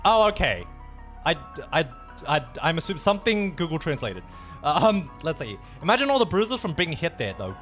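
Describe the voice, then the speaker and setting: A man's voice: on the high side, sing-song, moderate pace, fairly bright tone, faint music behind. A man chatting casually on a livestream, swearing freely and dropping in Japanese phrases.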